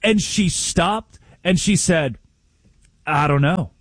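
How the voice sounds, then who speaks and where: A man's voice: fairly high pitch, slow, no room sound. A man co-hosting a casual sports talk show, telling stories and acting out the coaches he quotes, often restarting his sentences. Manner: animated storyteller, acts out quoted coaches.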